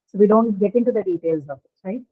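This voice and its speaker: A woman's voice: medium pitch, fast talker. A woman with an Indian English accent teaching an online class, explaining step by step and checking understanding. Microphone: video call. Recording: tinny phone-like line.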